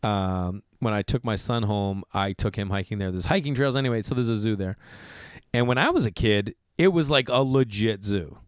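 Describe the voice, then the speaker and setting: Man, Boston accent, podcast host, rambling storyteller, smooth voice, dry close sound. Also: lowish voice, normal speed, no room sound. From Massachusetts. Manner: animated, profane, lots of "like" fillers. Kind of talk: casual storytelling monologue.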